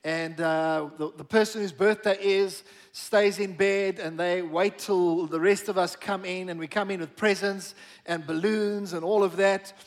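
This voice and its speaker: High-voiced man preaching a sermon. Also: fairly even intonation. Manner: emphatic preaching, slowing on key words, asks the congregation to repeat. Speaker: pastor. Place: church.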